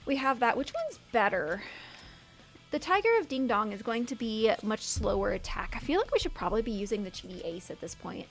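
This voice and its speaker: A woman's voice: a little high, very animated, a little fast. A woman streaming a video game with chatty, giggly, self-mocking casual commentary. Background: faint background music.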